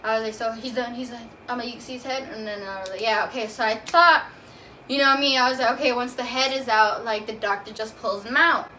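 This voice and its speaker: This young woman's voice is on the high side, a little fast, pushed and bright. In her vlog she loosely tells a personal story, chatty and packed with "like" fillers, picked up from a distance with faint room noise.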